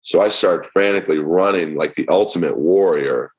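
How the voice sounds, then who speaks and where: A middle-aged man with an extremely low, deep voice tells comedy stories on a podcast. He talks casually and acts out the other people's lines with lively energy. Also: moderate pace, husky. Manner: animated storyteller acting out quotes. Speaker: comedian guest.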